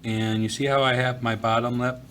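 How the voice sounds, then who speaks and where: A man teaching art, talking casually through a drawing tutorial from a school office, pausing with fillers as he works. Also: mid-range voice, a little hiss or hum. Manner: relaxed, talks while drawing, frequent fillers.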